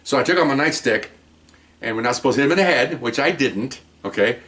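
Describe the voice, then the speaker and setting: A man's voice: mid-range voice, fast. An older man who is a retired police officer, casually telling a story to the camera and acting out what people said. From Mexican-American background. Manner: animated, acts out quotes, frequent "okay?" asides.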